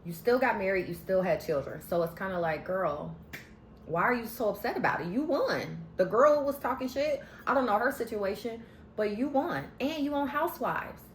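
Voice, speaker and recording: A woman talking casually to her viewers in a sassy, animated way as she recaps a TV episode. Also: medium pitch, normal speed. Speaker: vlogger recapping a TV show. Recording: roomy echo, faint background hum.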